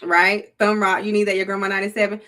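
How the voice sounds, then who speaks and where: A woman's voice: medium pitch, flat delivery, fast, fairly bright tone. A middle-aged woman with a Southern US accent, hosting a casual livestream in a playful, preachy way and talking to her chat. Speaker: livestream host.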